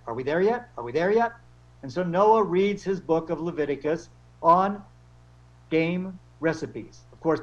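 A man lecturing with wry jokes and playful storytelling. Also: high voice. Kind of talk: humorous lecture. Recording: dull lo-fi recording.

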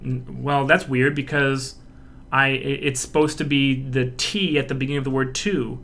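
A man's voice: mid-range voice, normal speed, vocal fry. A man lecturing on animation, acting out examples energetically and filling his speech with "like" and "um". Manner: animated, acts out examples, filler-heavy. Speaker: animation instructor. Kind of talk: recorded lecture with demonstrations.

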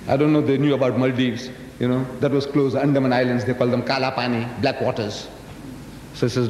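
A man in his sixties from South Africa with a South African accent, giving a lecture to a live audience in a booming, carrying voice, teasing the crowd and firing questions at them. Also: little pitch movement, fairly quick, darkish tone. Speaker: public speaker. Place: large hall. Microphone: PA microphone. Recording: echoey hall, faint background noise.

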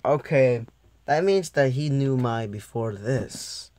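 A man's voice: mid-range voice, expressive, slow pace, darkish tone, dry recording. Rambling young man reviewing an anime episode. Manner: rambling, loses his train of thought, laughs at himself. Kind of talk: casual video commentary.

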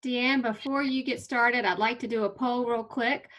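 A woman moderating a virtual college information session, running a poll in a brisk, upbeat way. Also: a little high, steady tone, a bit bright, dull audio. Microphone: video call.

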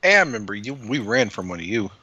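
A man's voice: on the low side, big pitch swings, quick pace, pushed and bright. Joking, foul-mouthed player man, lo-fi sound. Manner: joking, profane. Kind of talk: casual tabletop game play.

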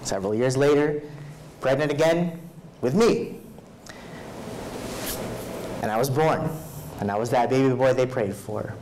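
A man preaching as pastor at a live evening worship service. He reads scripture aloud, pauses to have the congregation fill in words, and grows louder when preaching but drops soft and low for personal stories. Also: slight background noise, low-quality recording. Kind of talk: sermon.

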